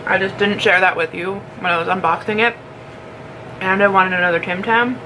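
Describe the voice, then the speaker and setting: A woman talks loosely and happily to her viewers from home, munching snacks between sentences as she rambles along. Her pitch sits at a middling height, and a steady noise runs clearly under the recording. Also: fairly quick. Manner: eats snacks while talking, rambling and giggly. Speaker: vlogger. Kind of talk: casual chatty unboxing vlog. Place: home, indoors.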